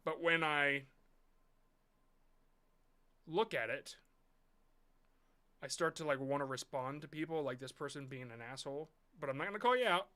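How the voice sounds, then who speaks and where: A man's voice: fairly high pitch, moderate pace, long pauses, pushed and bright, smooth. A man hosting a live stream, reviewing viewer shorts in blunt, rambling casual talk with some swearing.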